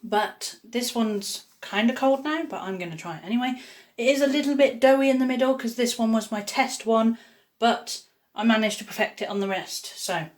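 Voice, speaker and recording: A woman's voice: a little high, moderate pace. A woman chatting upbeat while cooking in her home kitchen for a casual vlog. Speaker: YouTuber baking at home.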